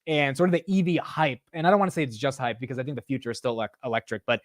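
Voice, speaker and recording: A man hosting a market show, reacting to news clips in casual commentary. He is excitable and slangy and swears freely. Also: medium pitch, racing, no echo, studio quality.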